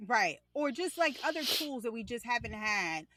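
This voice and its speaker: A young woman in casual conversation as a podcast co-host, telling animated stories and acting out her child's lines. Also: a little high, moderate pace, no echo.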